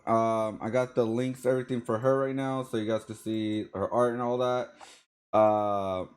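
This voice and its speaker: A man with a fairly low, slightly mellow voice hosts a casual, live-streamed interview for an artist podcast. He rambles loosely, leaning on fillers and often starting over.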